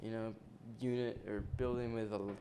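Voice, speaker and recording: A man's voice: fairly low pitch, level tone, a little fast, dark tone, slight background noise. A man in his twenties co-hosting a podcast, chatting in a laid-back way with short agreements. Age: 20s. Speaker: podcast co-host. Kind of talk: casual chat.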